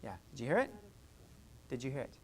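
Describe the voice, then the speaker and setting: A music therapist runs a live group workshop, talking people through vocal exercises. The voice swoops up and down expressively, encouraging and chatty, full of quick asides to the room. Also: medium pitch, huge pitch swings, darkish tone, husky.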